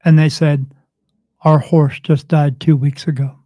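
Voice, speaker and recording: Animated man telling a story. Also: on the high side, unhurried, no room sound. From United States. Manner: animated retelling, acts out quoted dialogue. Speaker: spirit medium guest. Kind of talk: storytelling in an interview.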